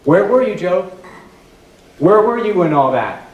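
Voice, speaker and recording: A man's voice: mid-range voice, normal speed, phone-quality sound, natural voice. A man voicing God as a commanding, questioning presence, pressing the same question over and over. It sounds like an echoey church hall heard from some distance. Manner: repeated rhetorical questions. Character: God answering Job, vast and commanding.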